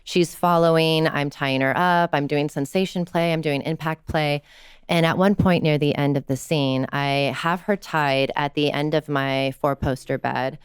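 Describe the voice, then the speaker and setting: A woman with a low, smooth and resonant voice speaks frankly and earnestly, often using "like" as filler. She is a kink educator and coach, telling client stories in an interview. The sound is dry and close. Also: fairly even intonation, normal speed, dry recording. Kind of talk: candid storytelling in a podcast interview.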